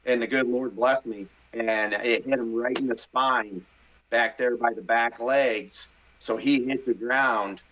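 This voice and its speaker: A middle-aged man from the Midwest telling a story in a casual interview, animated and excitable, acting out his own thoughts. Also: medium pitch. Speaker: hunting show host, podcast guest. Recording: slightly dull podcast audio.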